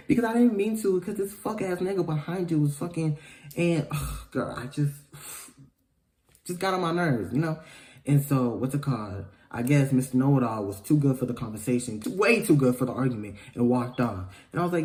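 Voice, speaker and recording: Male vlogger, animated and profane storytelling, mid-range voice, loud rants and quiet asides. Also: medium pitch, a little fast. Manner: animated, profane, swings between loud outbursts and mumbling asides. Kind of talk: casual storytelling.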